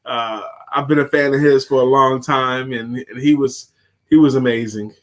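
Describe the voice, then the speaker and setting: A man's voice: mid-range voice, normal speed. A middle-aged man co-hosting a casual chat show, teasing and joking with his co-host. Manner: playful teasing, animated. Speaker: podcast co-host.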